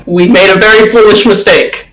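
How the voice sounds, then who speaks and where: A man voicing a gentle, anxious middle-aged male researcher who is also a father, speaking in an earnest, softly pleading way. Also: sits high, steady tone, moderate pace, faint music behind, low-quality recording.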